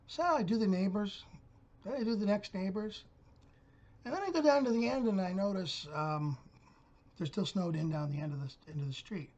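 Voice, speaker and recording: A man's voice: high voice, lively intonation, moderate pace, a little mellow, highs cut off. A middle-aged man hosting his own channel, telling a story in a blunt, profane rant. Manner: blunt, gruff, cursing storyteller. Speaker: channel host.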